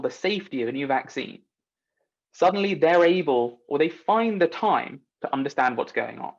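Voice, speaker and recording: A man's voice: a little high, muffled recording. A man giving a conference talk, speaking in an earnest, persuasive way with rhetorical asides.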